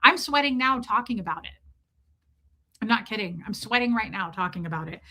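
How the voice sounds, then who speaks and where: A woman hosting a livestream, telling a comic story in a casual, profane, animated way and calling out viewers in the chat by name. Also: medium pitch, fairly quick. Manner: animated, profane, ranting, reads chat names aloud. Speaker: livestream host.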